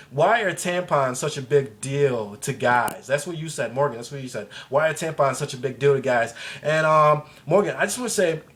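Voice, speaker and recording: A man's voice: a little high, a bit bright. Young man telling a rambling, profane comic story. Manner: rambling, profane, laughing, exaggerated retelling. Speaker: vlogger. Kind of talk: casual comedic storytelling to camera.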